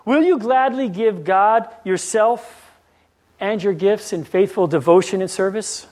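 A man's voice: sits high, unhurried, a little mellow. A man preaching a sermon, pressing the listeners with repeated rhetorical questions and telling a story.

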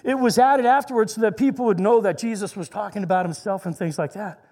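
High-voiced man preaching earnestly. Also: darkish tone, big-room sound. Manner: earnest, slows down to stress scripture. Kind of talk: sermon.

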